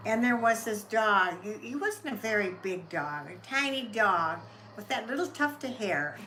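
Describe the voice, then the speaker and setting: An older woman with a Minnesota accent, a guest on her daughter's Q&A, telling soft-spoken, meandering stories. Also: mid-range voice, animated, moderate pace, a little hiss or hum. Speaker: guest, host's mother.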